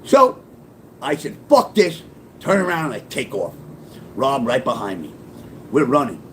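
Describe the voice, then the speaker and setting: Profane, animated New storyteller man. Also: medium pitch, measured pace, slight background noise. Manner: profane, animated, punchy street talk. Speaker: storyteller and author. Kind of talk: casual spoken storytelling.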